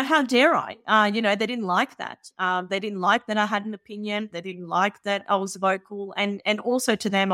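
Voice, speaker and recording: A woman, a podcast guest telling personal stories in an earnest, animated way, full of "you know". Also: mid-range voice, no echo, clean studio sound. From Balkans. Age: 30s. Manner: earnest and animated, with many filler phrases. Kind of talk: candid personal storytelling.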